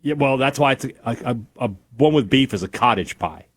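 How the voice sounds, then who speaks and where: A man's voice: medium pitch, expressive, brisk. A man co-hosting a sports talk radio show, chatting casually in an enthusiastic, teasing way.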